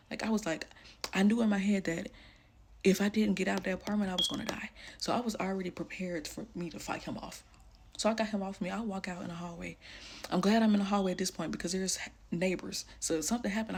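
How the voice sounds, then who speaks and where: A young woman telling a personal story casually, full of "like", often dropping into a hushed voice. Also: mid-range voice, steady tone, quick pace, creaky, slight background noise. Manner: casual, fillers like "like", drops to hushed tones.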